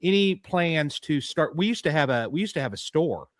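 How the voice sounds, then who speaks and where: Chatty podcast host with a higher voice. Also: male voice, animated, normal speed, dry recording, studio quality. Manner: conversational, frequent short affirmations and rambling questions. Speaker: podcast host, police detective. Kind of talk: casual interview.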